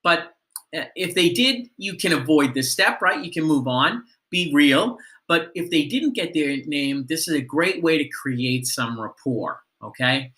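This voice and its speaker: A man's voice: fairly high pitch, big pitch swings, a little slow, bright, forceful tone. A man giving a sales training lesson, coaching listeners on phone greetings and asking them questions.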